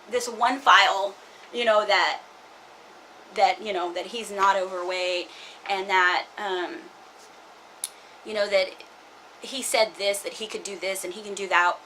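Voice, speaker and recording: Woman in her forties, bright edge, faint hiss behind, rambling vlog talk. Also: medium pitch, steady tone, a little slow, pauses often, poor audio. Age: 40s. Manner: frustrated, talking in loose run-on asides. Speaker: vlogger. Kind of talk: casual personal vlog with scripture reading.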